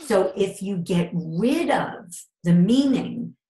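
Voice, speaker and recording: Middle-aged woman, guest expert, animated, acts out dialogue; echoey room sound. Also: medium pitch, slow. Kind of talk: interview, explaining with acted examples.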